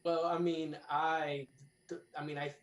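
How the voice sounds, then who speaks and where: A man's voice: a little high, flat delivery, unhurried. A man playing a tabletop game, talking hesitantly and restarting his sentences. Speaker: player. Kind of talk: casual tabletop game talk. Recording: roomy sound.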